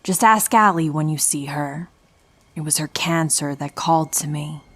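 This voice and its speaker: A sinister female spirit living inside a lifelike doll, voiced by a man, speaks in a flat, sarcastic monotone. The voice sits well above a man's natural pitch and has a hollow, altered quality. It suits a horror story told by a single narrator. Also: moderate pace. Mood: cold, mocking.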